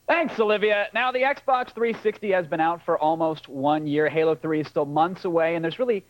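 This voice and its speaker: A man co-hosts a live television show, firing off quick, joking questions at a slightly high pitch. He talks very fast. The sound is dull and lo-fi, like an old archived broadcast. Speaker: co-host and interviewer. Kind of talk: live TV talk show chat.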